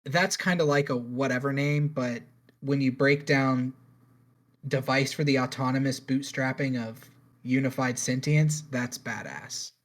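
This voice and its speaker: A podcast co-host with a medium-pitched voice and fairly even intonation takes his time rambling through a news story. The chat is casual, with jokes and free swearing.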